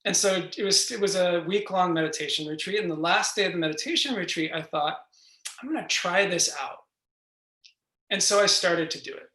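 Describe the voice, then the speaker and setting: A meditation teacher from New York giving a gentle, reflective guided meditation talk over a video call, with soft laughs. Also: mid-range voice, a little fast. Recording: roomy echo.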